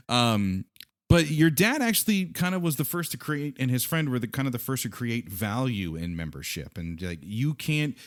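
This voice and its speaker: A man's voice: on the low side, lively intonation, fairly quick, dry recording, studio quality. A man hosting a podcast interview, reading an introduction and then asking questions in a friendly way. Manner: friendly, scripted introductions, calls guest brother. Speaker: podcast host.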